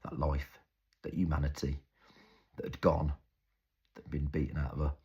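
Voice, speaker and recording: Very deep, husky man in a dramatic monologue. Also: flat delivery, dark tone, highs cut off. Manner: intense, halting, storytelling with heavy swearing. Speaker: actor.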